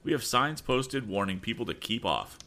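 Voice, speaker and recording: A man's voice: fairly low pitch, lively intonation, normal speed, bright, forceful tone, voice pushed up. A man voicing a stern young male inventor in a storybook reading. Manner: stern, commanding.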